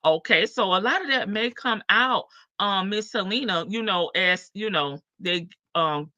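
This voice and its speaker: A woman's voice: medium pitch, a little slow, sharp tone, dry recording, dull audio. A woman hosting a casual livestream, reading chat comments aloud and chatting with viewers. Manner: chatty, reads comments aloud, laughs often.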